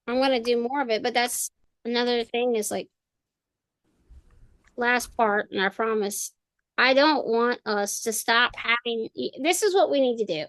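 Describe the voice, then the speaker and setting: A woman's voice: on the high side, no room sound. A woman co-hosting a casual talk podcast, blunt and profane, ranting freely. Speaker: podcast co-host. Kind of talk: casual chat.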